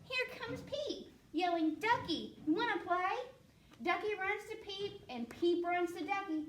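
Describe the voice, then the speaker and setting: A woman reads a picture book aloud to children, her very high voice bouncing up and down playfully and taking its time. She adds playful sound effects as she goes. She sounds a little far from the mic in an echoey room. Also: lively intonation, unhurried, fairly bright tone, slight background noise. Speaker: children's librarian.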